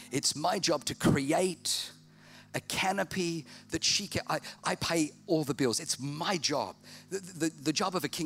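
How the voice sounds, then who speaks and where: A man preaching a sermon in an animated, joking and emphatic way. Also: fairly high pitch. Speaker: pastor.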